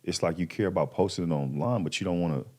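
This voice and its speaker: His voice sits low and moves fast. He's a man in his thirties on a podcast, casually recounting something that happened to him, packing in slang and lively impressions of the people he quotes.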